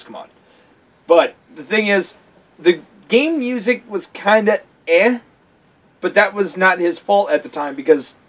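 Man, high voice, casual chat, profane, animated storyteller. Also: poor audio. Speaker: podcast co-host.

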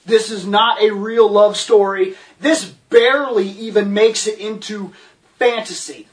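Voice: medium pitch, fairly even intonation, unhurried, recorded from a distance. A movie reviewer giving a profane, sarcastic rant about a film, with incredulous outbursts.

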